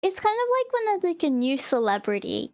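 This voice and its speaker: A woman with an Australian accent talks in a high, bright-pitched voice, chatting loosely on a live stream. She rambles from thought to thought and fills the gaps with "like" as she reacts to her chat. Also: big pitch swings, fairly quick. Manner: rambling, chatty, full of "like" fillers, reads chat aloud. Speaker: VTuber streamer.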